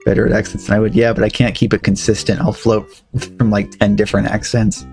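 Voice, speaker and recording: Man streamer, casual joking commentary, gravelly voice, faint music behind. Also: lowish voice, flat delivery, fast talker, darkish tone. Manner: chatty, joking. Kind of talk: let's-play commentary.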